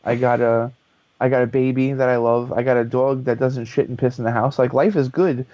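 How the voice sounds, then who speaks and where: A man guest on a podcast telling a story in a lively, casual way, swearing freely. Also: mid-range voice, a little fast, no echo. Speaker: guest, author and voice actor. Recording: dull lo-fi podcast audio.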